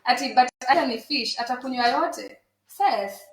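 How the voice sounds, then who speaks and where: A woman's voice: sits high, moderate pace, slight background noise. A woman co-hosting a casual podcast livestream, teasing her co-host, greeting viewers and mixing English with Swahili. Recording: echoey room.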